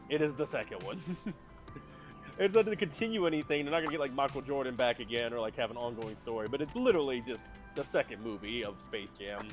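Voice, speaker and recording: A man chatting casually on a live stream, rambling excitably about movies with big jumps in pitch and loudness. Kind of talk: casual chat.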